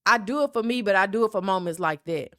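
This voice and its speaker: On her solo podcast, this South Memphis host talks fast in a medium-pitched, sharp-toned voice with a Southern accent. She's a young woman who is candid and emphatic, constantly tossing in "right?" The recording is dry and studio-clean.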